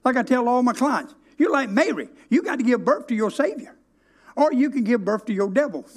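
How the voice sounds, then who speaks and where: High-voiced preacher, emphatic. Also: male voice, expressive. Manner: storytelling, emphatic, with dramatic slow stresses. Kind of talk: sermon.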